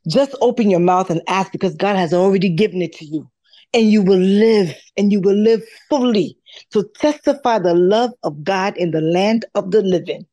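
A woman's voice: mid-range voice, moderate pace, warm tone, no room sound. A woman calling in to a video call podcast, speaking fervently like a preacher giving blessings. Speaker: caller, friend. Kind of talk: casual chat on a video call.

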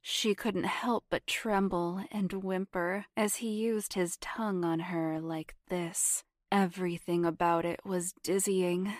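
A woman narrating an erotic story in a soft, half-whispered, sensual voice on a close mic. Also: fairly low pitch, fairly even intonation, slow, few pauses, dry recording.

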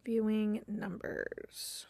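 A woman hosting a podcast, excitedly retelling movie scenes in a casual, gushing chat full of "like" and laughter. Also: mid-range voice, drawn-out words, vocal fry, no room sound, clean studio sound. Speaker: podcast host recapping movies.

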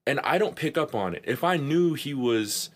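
Lively young man telling stories. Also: mid-range voice, normal speed. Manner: animated, laughs often, swears casually. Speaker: podcast co-host. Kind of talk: casual storytelling chat.

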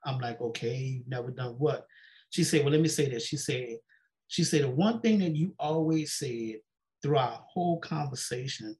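Man retelling a story, fairly high voice. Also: lively intonation, normal speed, darkish tone. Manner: storytelling, repeats "she said" and acts out quoted dialogue. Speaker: pastor and guest. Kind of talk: personal testimony in a sit-down interview.

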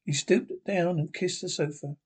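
A man's voice: fairly high pitch, fairly even intonation, moderate pace, husky. A man reading a short story aloud in a dramatic first-person storytelling manner. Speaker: reader.

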